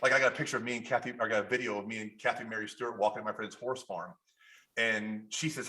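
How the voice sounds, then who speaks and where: A man with a Kentucky accent talks quickly as a podcast guest, his voice bright and forward. He rambles through anecdotes, restarts his sentences and acts out the people he quotes. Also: on the low side. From Kentucky, USA. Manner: animated storyteller, restarts often, acts out quotes. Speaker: guest photographer. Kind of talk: casual interview chat.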